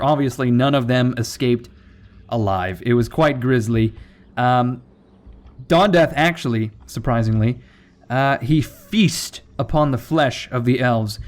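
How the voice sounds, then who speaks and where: A man's voice: medium pitch, a little mellow. A man giving casual gameplay commentary, rambling off on jokey tangents with profane asides. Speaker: let's play commentator.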